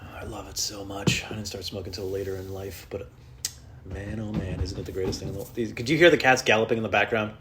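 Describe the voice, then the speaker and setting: A man's voice: fairly even intonation, fast, a little hiss or hum. A man who is a stand-up comedian, talking on his solo podcast at home in an off-the-cuff, self-mocking and profane way, telling rambling comic stories. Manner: jumps into high, loud put-on voices when quoting people.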